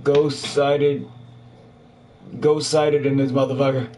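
This gamer's voice is fairly high and slightly dark, and he speaks a little slowly. He keeps up a profane, joking commentary while playing a horror game, cursing at whatever shows up. There's faint noise in the background.

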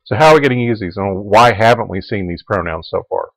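A man with a lowish voice gives a Latin lecture, talking through the grammar at an easy pace and repeating the forms aloud. The sound is dry and close, with little room around it. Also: quick pace, a bit bright, no echo, low-quality recording. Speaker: Latin teacher. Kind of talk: recorded lecture.

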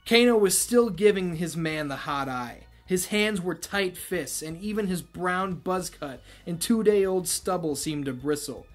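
A man's voice: high-pitched, lively intonation, a little slow, few pauses, soft background music. A man reading a novel aloud as host, breaking off for sarcastic asides. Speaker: reader and host.

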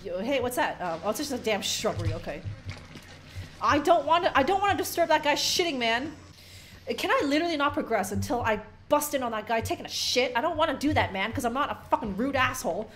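A young woman narrates her own horror-game run in a loose, profane, joking way, breaking off to read notes aloud and mock them. Her voice sits a little high, and faint music plays underneath. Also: expressive, fast talker, fairly bright tone. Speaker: streamer playing a horror game. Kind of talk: casual gameplay commentary.

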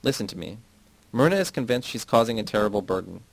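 A man voicing a stern, commanding male friend in a read-aloud novel, speaking in a raised, forceful way. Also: fairly low pitch, expressive, quick pace, vocal fry, no room sound, low-quality recording.

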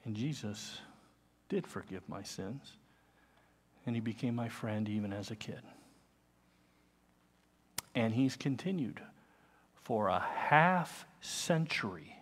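A man's voice: lowish voice, takes it slowly, pauses often, darkish tone, slightly rough. A man in his fifties preaching a sermon as pastor, earnest and conversational, with personal asides. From United States. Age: 50s.

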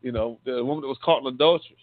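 A man's voice: mid-range voice, very fast, no room sound. A man, a deacon, giving a conversational sermon, often repeating and restarting words and calling his listeners saints. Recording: tinny phone-line sound, dry.

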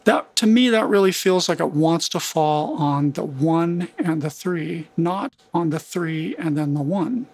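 A man teaching music production in a relaxed screen-recorded tutorial, humming rhythms to make his points. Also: a little high, a little slow, few pauses, husky.

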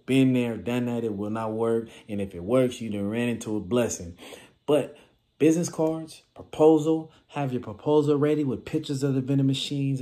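A man with a Californian accent talks through business advice in a loose, animated vlog style. His voice sits in a middle pitch with a dark, mellow tone. He slips into little acted-out scenes as he goes. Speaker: vending machine business vlogger.

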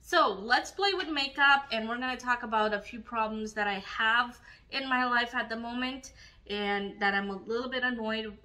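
A woman's voice: fairly high pitch, sharp tone, rough recording. A young woman from Romania, a beauty vlogger, ranting angrily and swearing while she does her makeup. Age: young adult. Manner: angry, swearing rant.

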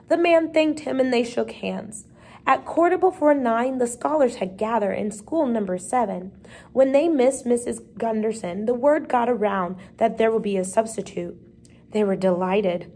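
A woman with a steady, measured delivery, reading a storybook chapter aloud. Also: fairly high pitch. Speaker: reader.

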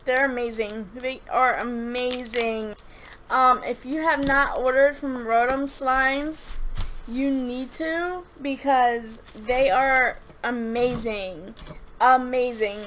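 A woman's voice: a little high, a bit bright, a little hiss or hum. Gushing, rambling young woman reviewing slime. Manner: rambling, gushing, with many restarts and fillers. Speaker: slime reviewer and shop owner. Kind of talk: casual chatty product review.

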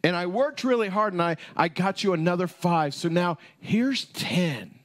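A preacher acting out a hardworking servant proudly handing back his earnings. He speaks earnestly and a bit higher than his usual tone. It is a man's sermon voice. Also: expressive, normal speed.

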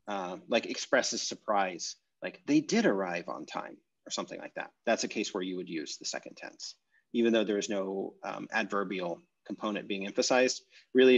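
A man teaching an online language class, thinking aloud with many pauses and self-corrections. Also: lowish voice, husky, lo-fi sound. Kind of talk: explaining grammar in a live online class. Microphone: video call.

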